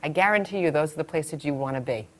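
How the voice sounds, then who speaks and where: A woman's voice: low-pitched, fast talker. A woman who teaches childbirth, talking expectant mothers through labor and acting out scenarios as she goes. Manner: animated, acts out scenarios. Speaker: childbirth educator. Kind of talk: instructional talk to expectant mothers.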